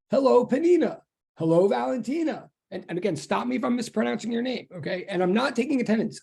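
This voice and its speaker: A physics instructor opens an online class in a loose, rambling way, often restarting sentences. The voice is gravelly with a dark, mellow tone. It comes through a video call mic. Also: medium pitch. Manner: chatty and rambling, with many restarts. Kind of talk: casual online class introduction.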